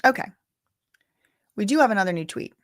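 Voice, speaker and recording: A chatty woman streams live commentary, reading news updates aloud and tossing in her own asides. She sounds tired and a bit worn down, and her voice sits at a middling pitch in a dry, close-mic sound with no room echo. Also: animated, fairly quick. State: tired, yawning.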